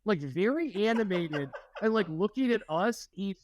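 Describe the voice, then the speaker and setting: Lively high-voiced man co-hosting a podcast. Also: moderate pace, lo-fi sound, slight background noise. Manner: animated storytelling with many "like"s. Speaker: podcast co-host. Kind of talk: casual chat.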